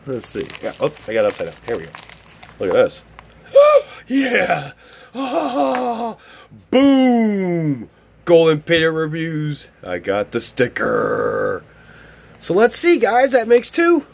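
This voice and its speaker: A man opening fan mail on camera in an excited, gushing, exclamatory vlog chat. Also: high-pitched, slow, creaky, husky. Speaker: YouTube vlogger opening mail. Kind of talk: excited casual unboxing chat.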